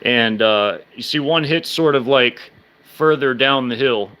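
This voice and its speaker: A man in his thirties chatting casually with viewers on a live stream, halting, with many restarts, fillers, and speech that slurs when he talks fast. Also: medium pitch, bright, forceful tone.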